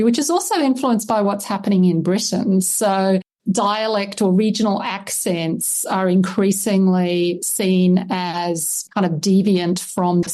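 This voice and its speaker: A woman's voice: medium pitch, mellow. A middle-aged Australian woman answering interview questions as a historian, thoughtful and explanatory, often hedging her points. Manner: thoughtful, explanatory, hedges with "I guess". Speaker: historian and lexicographer guest.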